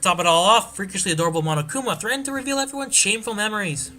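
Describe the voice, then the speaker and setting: A man hosting a game let's play, reading the story text aloud in a steady narrating tone. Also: sits high, racing, soft background music. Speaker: let's player.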